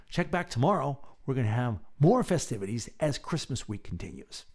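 A male podcast host with a soft, reflective delivery and a lively, varied pitch. He reads a personal essay aloud and leads a calm breathing exercise, dropping to a hushed voice as he counts. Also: a little fast, few pauses.

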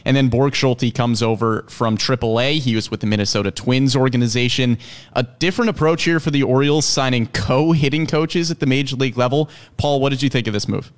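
A man's voice: mid-range voice, fairly quick. Brief: male sports podcast host, easygoing, dry teasing tone. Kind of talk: casual sports chat.

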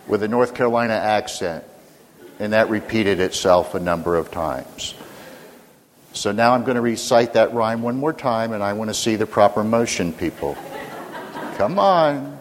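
A man's voice: fairly low pitch, expressive, moderate pace, a little hiss or hum. An older man, a pastor, preaching a sermon with humorous storytelling and questions to the congregation. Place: church sanctuary. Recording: reverberant church hall.

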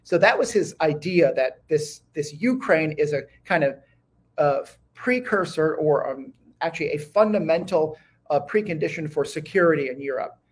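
A man's voice: on the high side, lively intonation, normal speed, slightly rough. A man speaking as a guest historian in an interview, eager and talking in bursts with many restarts. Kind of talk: conversational interview.

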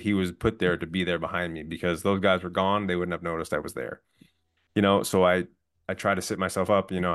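Low-voiced man telling his story. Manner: calm, earnest, candid with profanity. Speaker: podcast guest. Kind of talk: personal storytelling.

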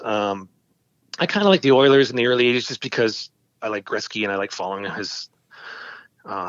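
A man's voice: medium pitch, no room sound, muffled recording. Chatty middle-aged man telling stories. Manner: storytelling, animated quoting. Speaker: podcast host. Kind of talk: casual chat.

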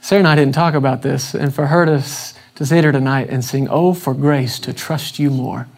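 A man's voice: medium pitch, steady tone, normal speed. A man preaching an evening church sermon in a casual, conversational way. He keeps asking the congregation questions and acts out the scripture quotes with shifting emphasis. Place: church service before a congregation.

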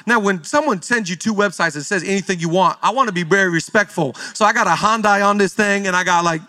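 A man's voice: sits high, fast talker, sharp tone. A man in his thirties from Seattle, preaching a sermon to a live church congregation, with playful storytelling and jokes. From Seattle, Washington. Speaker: pastor.

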